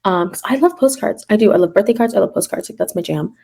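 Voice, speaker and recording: A woman on a podcast telling a personal story in a casual, animated way, full of fillers and quoting herself. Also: medium pitch, fast talker, gravelly. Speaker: guest, third grade teacher.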